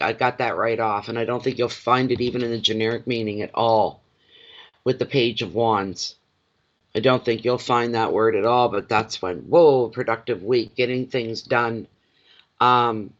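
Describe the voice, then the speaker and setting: Guy reading tarot live, bright forceful voice, jokey and chatty, dull lo-fi phone sound. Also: medium pitch. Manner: chatty, joking and self-deprecating. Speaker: tarot reader.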